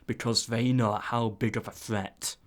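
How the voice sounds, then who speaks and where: A man giving casual play-by-play commentary on a strategy game, breaking into excited asides. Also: lowish voice, a little slow. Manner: excitable, frequent "ooh"s and asides.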